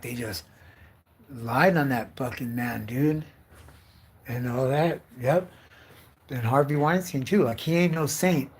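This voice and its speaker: A young man livestreaming from home, rambling on in a loose, profane rant full of fillers. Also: mid-range voice.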